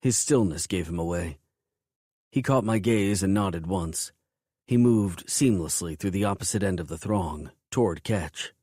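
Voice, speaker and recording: A man narrating a first-person romance audiobook in a low, intense, measured way. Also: mellow, dry recording, studio quality.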